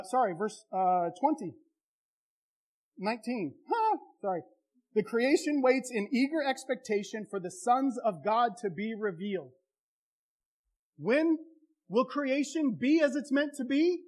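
High-voiced man preaching with passion. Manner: impassioned, conversational preaching. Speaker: pastor. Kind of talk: sermon.

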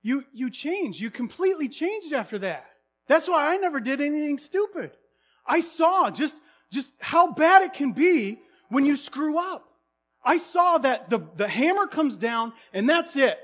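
A man's voice: extremely high pitch, very animated, unhurried, pitched above the performer's own voice, full character voice. A man voicing a resentful young middle brother who rants in a bitter, indignant way. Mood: earnest.

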